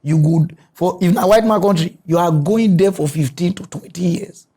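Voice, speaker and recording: A Nigerian man with a Nigerian accent giving animated, mocking comic commentary as a comedy news host. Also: moderate pace, slightly rough. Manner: animated, mocking, switches pitch a lot.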